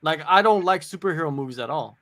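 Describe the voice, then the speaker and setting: A man in his forties co-hosting a casual fight watch-along, animated and opinionated, laughing often. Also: fairly high pitch, fast. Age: 40s. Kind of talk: casual chat.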